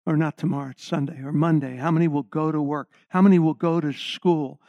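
A man's voice: on the high side, fairly even intonation, fairly quick, warm tone, dry recording. A middle-aged man preaching a sermon, stressing key words and putting questions to the congregation. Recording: slightly dull lo-fi sound.

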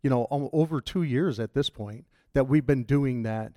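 A man preaching a sermon as pastor, talking in a conversational, halting way with frequent restarts. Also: mid-range voice, dark tone, dry recording, studio quality.

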